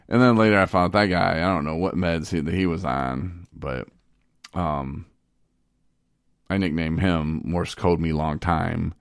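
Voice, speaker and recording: Podcast host, male, deep and gravelly, rambling casual storyteller, dry close mic. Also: unhurried, no room sound. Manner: rambling, animated, laughs often.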